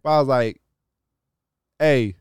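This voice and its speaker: A man's voice: lowish voice, moderate pace, smooth, no room sound, studio quality. A man hosting a podcast, telling a long story in casual chat, swearing often and filling his talk with "like". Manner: profane, animated storytelling with frequent "like". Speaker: podcast host.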